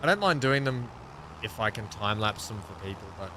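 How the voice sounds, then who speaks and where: A man's voice: fairly low pitch, expressive, a little fast, very noisy. A man hosting a live gaming stream, chatting casually and greeting viewers by name as he plays. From Australia.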